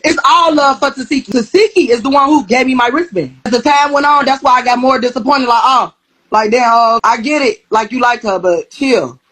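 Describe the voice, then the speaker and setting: A woman retelling a fight on a live stream, blunt and profane, quoting the back-and-forth with animated heat. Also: high-pitched, brisk, breathy edge, rough recording. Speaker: reality show cast member interviewed on a live stream. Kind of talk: heated storytelling on a live stream.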